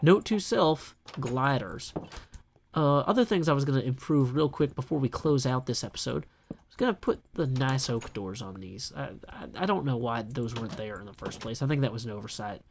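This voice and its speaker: A man's voice: mid-range voice, expressive, normal speed, vocal fry, a little hiss or hum. A man casually talking through his building work in a video game, chatty and self-deprecating, with jokey asides. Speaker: gameplay video host. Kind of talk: casual solo gameplay commentary.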